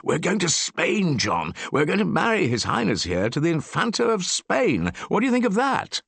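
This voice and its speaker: A reckless young nobleman full of swagger and laughter, as an audiobook narrator puts him on. His voice rides high above a low speaking range and swings widely. Every line sounds bold and playful. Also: huge pitch swings, normal speed, creaky, fairly bright tone, husky, no room sound, full character voice. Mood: excited. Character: dashing, merry young duke, reckless.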